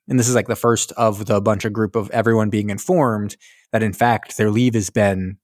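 A man's voice: lowish voice, steady tone, moderate pace, no echo, studio quality. Rambling young man recapping a movie. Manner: rambling, acts out characters in voices. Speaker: podcast co-host. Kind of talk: casual movie recap chat.

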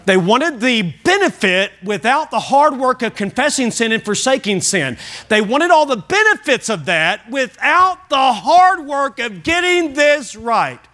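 High, bright-voiced preaching man. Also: very animated, unhurried. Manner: emphatic preaching with repetition; questions the congregation directly. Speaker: pastor. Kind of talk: sermon. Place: church sanctuary.

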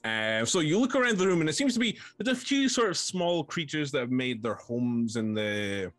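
A man's voice: fairly high pitch, very animated, normal speed, a bit bright, no room sound. A man narrating as game master in a tabletop game, hesitant and full of ums.

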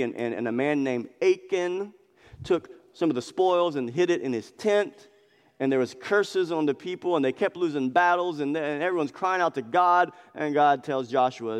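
A man's voice: mid-range voice, clean tone. A man preaching an expository sermon in a church, talking with emphatic passion and repeating phrases for emphasis. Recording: long reverb of a large hall.

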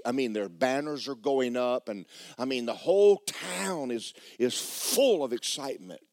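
Folksy preacher, low voice. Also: male voice, no room sound, clean studio sound. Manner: animated, folksy, repeats words. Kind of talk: storytelling sermon.

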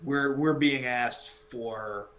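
A man's voice: medium pitch, extremely slow, fairly bright tone, roomy sound, muffled recording. A man co-hosting a podcast, talking casual sports in a rambling, wry way and often correcting himself mid-sentence. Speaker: podcast co-host.

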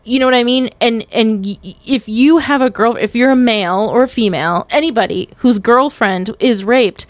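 A woman's voice: a little high, normal speed, hardly any pauses, no echo. A woman co-hosting a casual film-review podcast, making blunt, argumentative points. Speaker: podcast co-host.

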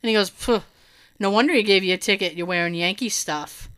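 In a clear, resonant mid-range voice that runs a little fast, a woman shares a story over casual chat. She has hearing loss in her right ear and tells it with animation, laughing often and voicing what others said.

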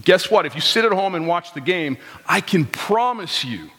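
With a high-pitched, animated, slightly bright voice, a pastor in his thirties preaches at a moderate pace in a church sanctuary. He keeps it conversational, posing rhetorical questions and quoting congregation members, and long hall reverb surrounds the recording.

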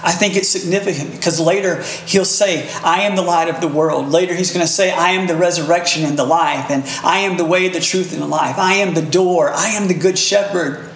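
A middle-aged man preaching a sermon as pastor, animated and building to emphatic peaks. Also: on the high side, brisk, hardly any pauses. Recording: echoey room.

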